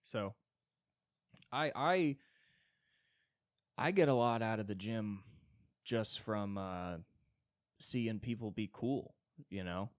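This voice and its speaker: A man's voice: slow pace, long pauses, clean tone, dry recording, studio quality. A man hosting his own podcast alone, telling crude, self-deprecating stories in a rambling comedic monologue. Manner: animated, jumps between high and low tones. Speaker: solo podcast host. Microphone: podcast mic.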